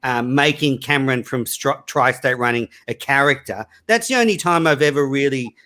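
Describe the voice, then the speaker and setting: A man's voice: medium pitch, moderate pace, pushed and bright. A male guest in casual chat, defending himself with lots of fillers and hesitations.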